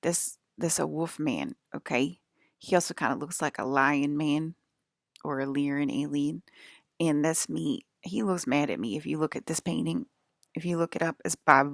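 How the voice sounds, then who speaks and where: Low gravelly woman ranting. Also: no echo, clean studio sound. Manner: profane, irritated rant. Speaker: vlogger. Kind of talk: rambling monologue.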